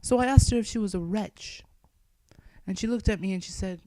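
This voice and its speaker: A young woman telling an improvised crude comic story from her bedroom. She swings between soft mutters and loud squeals. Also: medium pitch, brisk, dry recording. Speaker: comedian.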